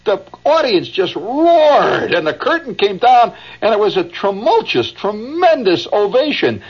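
Male radio raconteur, husky and lively, old muffled broadcast. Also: sits high, measured pace. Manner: animated anecdote with chuckles and asides. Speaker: radio host. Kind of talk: rambling radio storytelling.

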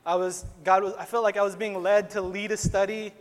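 At a Christian gathering, a young man delivers an earnest personal testimony as a sermon, conversational and packed with casual fillers. His voice is high with little pitch movement and a brisk pace, and the recording carries long hall reverb.

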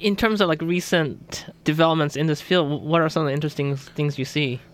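A man's voice: a little high, fairly even intonation, fairly quick. A man hosting a radio talk show in a studio, asking questions in an easygoing, informal way.

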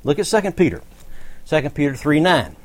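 Guy leading a bible study class, chatty explaining, bit high voice. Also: sing-song, fairly quick, slight background noise. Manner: conversational, explanatory, occasional laughs.

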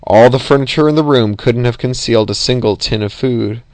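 A man reading a novel aloud as narrator, steady and even, with occasional slips. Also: mid-range voice, fairly quick, no room sound.

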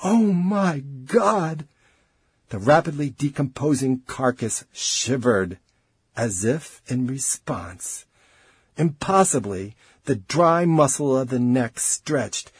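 A man narrating an audiobook in an expressive, dramatic way. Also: fairly high pitch, breathy edge, no room sound.

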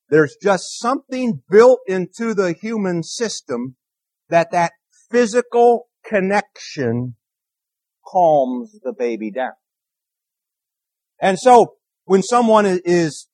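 High-voiced minister, dry close sound. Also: male voice, no echo. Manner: earnest, repeats key phrases, asks the congregation questions. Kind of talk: conversational sermon.

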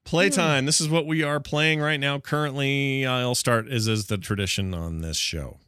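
A man hosting a casual gaming news podcast, talking quickly with sarcastic asides. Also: medium pitch, a bit bright, clear, resonant tone, no echo, clean studio sound. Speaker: podcast host.

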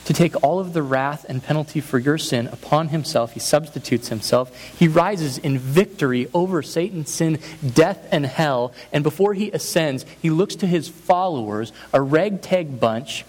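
A man's voice: on the high side, normal speed, few pauses, darkish tone, low-quality recording. A man preaching a sermon as pastor, earnest and emphatic, building points through repeated phrases. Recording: faint hiss.

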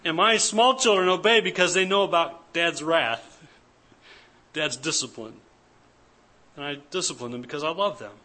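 A man's voice: a little high, normal speed, pauses often, bright, forceful tone. A man preaching an earnest, emphatic church sermon as pastor, repeating his key points. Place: church service.

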